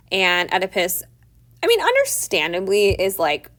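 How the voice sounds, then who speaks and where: A teacher summarizes a play in a chatty literature lesson, leaning heavily on "like" and paraphrasing the characters conversationally. Her voice is lowish and fairly bright with vocal fry, lively intonation, and a moderate pace.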